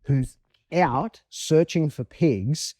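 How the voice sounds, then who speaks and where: A man's voice: on the high side, very slow. An Australian man, a dog trainer, chatting casually on a podcast and telling stories with acted-out voices. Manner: animated storyteller, acts out voices.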